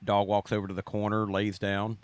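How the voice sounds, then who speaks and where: A man's voice: fairly low pitch, monotone, a little fast, dry recording. A man, a Navy veteran guest on a comedy talk show, telling a joke in a hesitant storytelling way.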